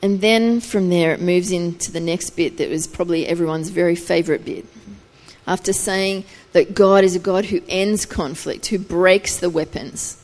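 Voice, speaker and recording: A woman's voice: on the low side, normal speed, a little mellow. Woman preaching in a reverberant hall. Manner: reflective, explaining scripture with rising intensity. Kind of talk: sermon.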